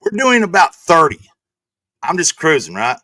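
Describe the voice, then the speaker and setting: Profane animated storytelling man. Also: a little high, normal speed, dry recording. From Texas. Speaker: stream host. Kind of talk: storytelling in casual chat.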